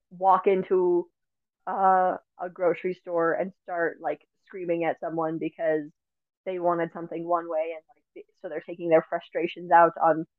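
A woman's voice: on the low side, dry recording. A woman hosting a podcast, talking in an earnest, reflective way with plenty of casual fillers. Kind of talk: casual conversation. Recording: tinny phone-like line, dry.

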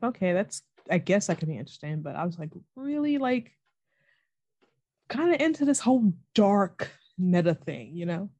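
Mellow-voiced woman recapping a TV episode. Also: mid-range voice, normal speed, no echo. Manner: animated retelling, acts out characters' lines. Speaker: podcast co-host. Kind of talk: casual TV recap chat.

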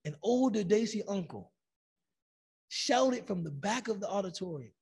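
Husky gravelly man giving a lecture. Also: high-pitched, normal speed. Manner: animated storytelling, acts out quotes. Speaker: Islamic lecturer. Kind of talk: lecture with stories.

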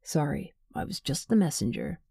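A woman's voice: deep voice, animated, normal speed, creaky, warm tone, husky, dry recording, clean studio sound, full character voice. A woman reading the part of a scheming, contemptuous man who talks in a sneering drawl. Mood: scornful.

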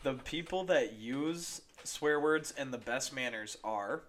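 A man's voice: mid-range voice, slow pace, fairly bright tone. A young man in casual chat among friends, rambling with many fillers. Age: young adult.

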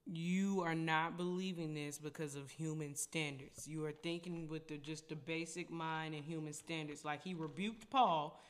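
A woman's voice: sits low, steady tone, moderate pace, hardly any pauses. A young adult woman hosting her own podcast, talking in a casual, preachy way and addressing her listeners as y'all. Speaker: podcast host. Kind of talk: casual faith talk.

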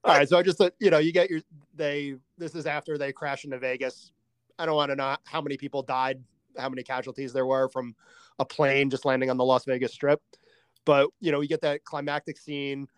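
A man co-hosting a casual movie podcast, relaxed and chuckling, peppering his talk with "like". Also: medium pitch, a little fast, clean tone, dry recording. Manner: relaxed, chuckling, uses "like" a lot. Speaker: podcast co-host.

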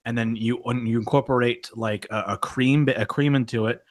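A young man talks in a casual podcast chat. He is blunt and profane, and he reads passages aloud before tearing into them. His pitch sits in an ordinary middle range. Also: fairly even intonation, moderate pace. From Australia. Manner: blunt, swears freely, reads from articles. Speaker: podcast host.

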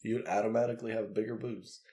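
A man's voice: fairly low pitch, steady tone, fast talker, gravelly, warm tone. A man co-hosting a casual chat, bantering, swearing freely and laughing along.

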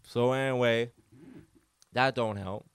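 Solo podcast host, man, mid-pitched, chatty rambling storyteller, dry close mic. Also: takes it slowly, clean tone, dry recording. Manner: rambling, animated, lots of "like". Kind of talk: casual storytelling.

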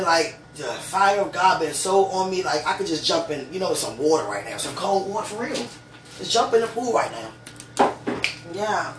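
A woman talking casually and gushingly to her partner at home, rambling with many "you know"s and fervent religious asides. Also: on the low side. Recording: echoey room, far from the mic, steady background noise.

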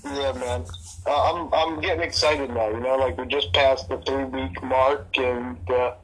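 A man's voice: medium pitch, fairly even intonation, measured pace, husky, poor audio. A young man, a podcast host, chatting casually in an easygoing, laid-back way.

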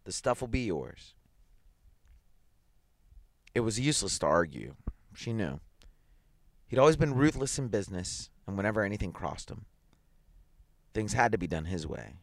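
A man reading a dramatic short story aloud in an expressive, measured way. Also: lowish voice, creaky, dry recording. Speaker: story reader.

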